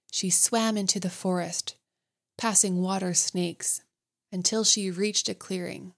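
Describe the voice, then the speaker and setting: A woman reading a bedtime fairy tale aloud, gentle and soothing. Her voice sits at a medium pitch and moves at an unhurried storyteller's pace. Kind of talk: calm bedtime story narration.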